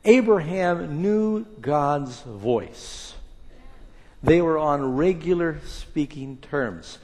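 A man preaching a sermon and reading scripture aloud, with an emphatic delivery that swings between hushed and loud. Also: fairly high pitch, expressive, extremely slow. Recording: long reverb of a large hall.

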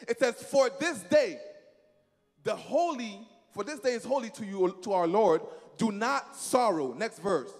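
High, animated preacher man in a reverberant hall. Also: a little slow, soft background music. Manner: emphatic, repeats phrases, leads the congregation in call-and-response. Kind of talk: sermon.

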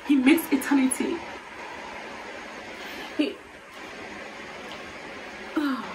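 A woman's voice: sits high, drawn-out words, noisy background. Fervent woman reacting to worship music. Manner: earnest, fervent, softening to hushed reflection.

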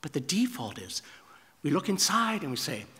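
Male pastor preaching, emphatic, pitch jumps up on questions, long church echo. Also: sing-song, normal speed, pushed and bright. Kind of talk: sermon. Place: church sanctuary. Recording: reverberant church sanctuary.

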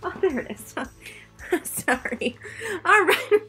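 A woman theater teacher hands out awards in a jokey, theatrical way, breaking off into asides. Her voice sits high and bounces around, and she takes her time. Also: expressive, slow pace, pushed and bright, soft background music. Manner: theatrical, jokey, self-interrupting. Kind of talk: playful recorded award presentation.

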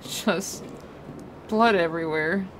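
A woman's voice: lowish voice, slow, a bit bright, slight background noise. A woman streaming a horror game, giving playful commentary and chatting to game objects and creatures. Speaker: gaming streamer.

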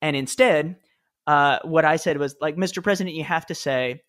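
A man's voice: fairly high pitch, normal speed, fairly bright tone. A man in his thirties, a podcast guest, telling stories in a chatty, easygoing way with fillers and small laughs. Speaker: podcast guest, former speechwriter. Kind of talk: casual interview storytelling.

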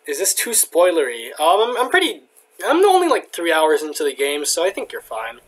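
A young man commenting on a game he is playing, excitable, swearing, with lots of fillers. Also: a little high, brisk, poor audio. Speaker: gamer. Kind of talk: let's play commentary.

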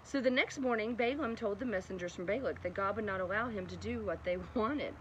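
A woman's voice: mid-range voice, fairly quick, muffled recording. A woman telling a bedtime Bible story in a chatty way, with lots of laughing asides, over outdoor traffic noise. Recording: noisy outdoor background with traffic.

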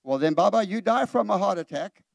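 A middle-aged man preaches a lively sermon and acts out the people he quotes. His voice sits high and has a rough, gravelly edge. The sound is close and dry. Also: a little fast, no room sound. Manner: animated preaching, acts out quoted voices, direct questions to the congregation. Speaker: pastor. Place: church.

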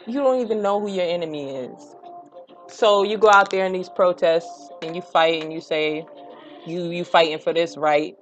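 A young woman speaks in a fairly low voice. She rants bluntly with plenty of profanity and keeps pushing her points harder. Faint music plays behind her. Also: moderate pace, muffled recording. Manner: blunt, profane, rising to heated outbursts. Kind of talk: impassioned direct-to-camera rant.

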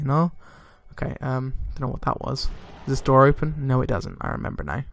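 A young man giving casual, excitable gameplay commentary, swearing a lot and laughing often. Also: medium pitch, brisk, gravelly. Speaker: let's play gamer. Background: faint game music.

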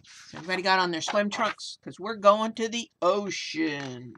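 A woman reading a picture book aloud to children, gentle and expressive in a child-friendly way. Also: lowish voice, normal speed, a little hiss or hum. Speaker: children's storyteller.

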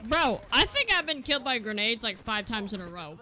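A young woman doing gameplay commentary, excitable and joking, swinging from yelling to muttering, with faint game music behind. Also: a little high, brisk, few pauses. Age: young adult. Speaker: gaming streamer.

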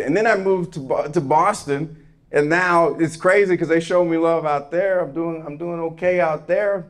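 A man's voice: fairly high pitch, normal speed. A young man performing a stand-up comedy set in a club, telling a story and acting out both sides of the conversation. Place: comedy club stage before a live audience. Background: audience laughter.

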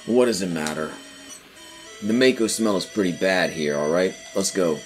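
A man's voice: low voice, a little slow. A man hosting a game playthrough, reading the dialogue aloud with dry asides. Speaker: let's play host. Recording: faint game music behind.

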